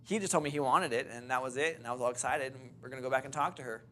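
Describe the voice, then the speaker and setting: A man's voice: mid-range voice, very fast, slight background noise. A man teaching a real estate course, telling a story to a seminar audience and acting out the dialogue as he goes. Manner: animated storyteller, acts out quoted dialogue.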